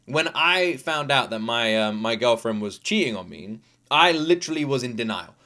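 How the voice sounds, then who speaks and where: A young British man from the UK, chatting excitedly as a reaction video host, quick to laugh and full of fillers. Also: medium pitch. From United Kingdom. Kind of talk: casual reaction commentary.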